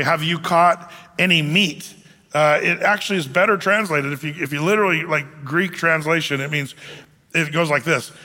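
A man delivers a chatty sermon, stumbling through restarts and slipping into little acted-out quotes. His voice is bright and slightly high. It rings out with a long reverb through a church hall. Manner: casual, many fillers and restarts, acts out quoted lines. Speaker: pastor. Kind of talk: conversational sermon.

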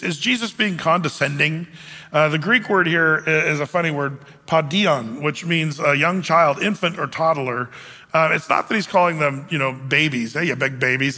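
Bright-voiced male pastor in a reverberant hall. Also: a little high. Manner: casual, many fillers and restarts, acts out quoted lines. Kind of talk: conversational sermon.

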